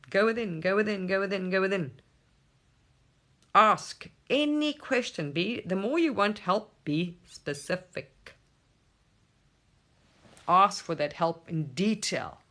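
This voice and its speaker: A spiritual teacher talking casually to camera at home, animated, swearing and laughing often. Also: mid-range voice, measured pace, pauses often.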